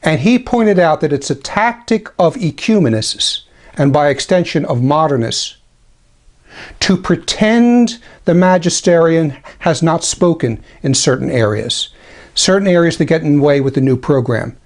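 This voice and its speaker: A man with a slightly raised pitch delivering a measured, critical commentary. He speaks deliberately, slowing down to read quotations with care. Now and then he drops a dry, ironic aside. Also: expressive, darkish tone. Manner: deliberate, slows for quoted passages. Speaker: traditionalist Catholic commentator. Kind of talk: spoken commentary lecture.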